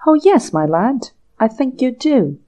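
A woman reading the part of a crisp, businesslike detective inspector of about forty in a storybook. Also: high-pitched, very animated, measured pace, mellow, voice pushed up. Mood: dry. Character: crisp Scotland Yard inspector, man about forty, sure of himself.

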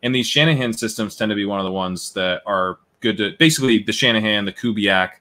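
A man's voice: fairly low pitch, fast talker, pushed and bright. A man, a guest analyst in a casual live-draft podcast chat, explaining his reasoning at length. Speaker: guest fantasy football analyst.

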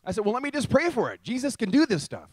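A man telling a testimony story in a lively way, acting out both sides of the conversations he describes. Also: very high voice, quick pace, breathy edge, no room sound.

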